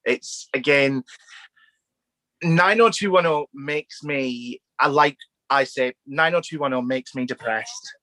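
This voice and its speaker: An informal podcast host talks over a video call and gushes a little about the guest. The voice is bright and forward in a middle pitch. The recording is dry, with no room sound. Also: takes it slowly, no echo. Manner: eager fan, chatty and informal.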